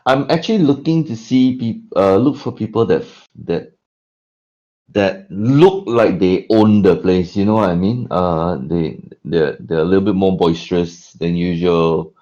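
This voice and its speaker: A man with a very deep, dark voice explains his moves in a tabletop game, restarting his sentences as he goes. The sound is dull and lo-fi. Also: unhurried. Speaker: player. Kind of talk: casual tabletop play.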